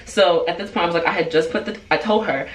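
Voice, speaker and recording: A woman in her twenties telling a story in a casual vlog, animated and full of fillers. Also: fairly low pitch, quick pace, slight background noise. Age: 20s. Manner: animated, chatty, filler-heavy. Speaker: vlogger. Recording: roomy sound, far from the mic.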